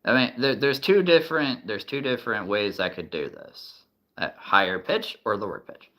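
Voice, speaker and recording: A man's voice: mid-range voice, lively intonation, moderate pace, sharp tone. A man hosting a casual livestream from a relative's house, rambling and chuckling between remarks. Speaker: livestream host. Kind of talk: casual live-stream chat.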